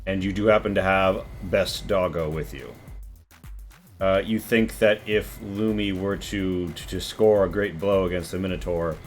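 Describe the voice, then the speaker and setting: A man narrating as game master, relaxed and rambling with many fillers. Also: sits low, unhurried, faint music behind.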